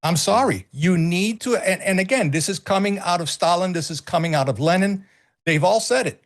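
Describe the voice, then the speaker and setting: A man's voice: high-pitched, expressive, moderate pace. A middle-aged man co-hosting a casual political talk stream, emphatic and swearing freely, often repeating himself. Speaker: co-host.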